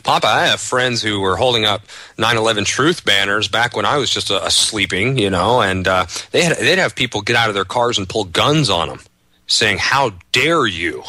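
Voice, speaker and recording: A man speaking as a guest on a talk radio show, in a casual, earnest manner with some halting restarts. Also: on the low side, sharp tone, no echo. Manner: earnest, agreeing, sometimes halting.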